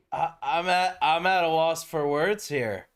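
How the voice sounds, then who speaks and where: Slow-talking excitable male streamer. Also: fairly high pitch, smooth. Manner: excitable, swears and shouts in disbelief. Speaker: live streamer. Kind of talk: live game stream chat.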